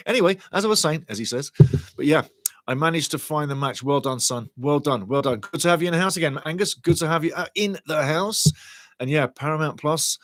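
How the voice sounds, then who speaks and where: A man hosting a live football watchalong, chatting excitedly, reading out viewers' comments and swearing casually. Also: a little high, no room sound. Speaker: watchalong host.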